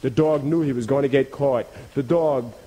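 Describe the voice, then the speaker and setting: A man telling a folk tale in a rhythmic, repetitive, expressive storytelling style. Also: mid-range voice, moderate pace, a little hiss or hum.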